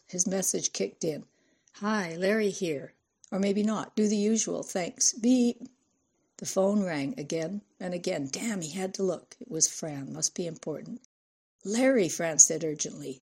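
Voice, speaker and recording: A woman narrating an audiobook in a measured storytelling manner. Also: fairly low pitch, warm tone, husky.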